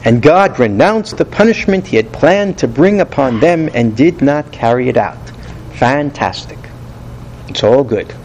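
A man teaching a Bible study lesson, animated and rhetorical, who asks questions and then answers them himself. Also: medium pitch, unhurried, a little hiss or hum, low-quality recording.

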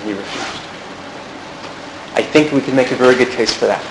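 A man's voice: medium pitch, very fast. A man teaching a Bible class, explaining step by step and putting questions to his students. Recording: echoey room, some background noise.

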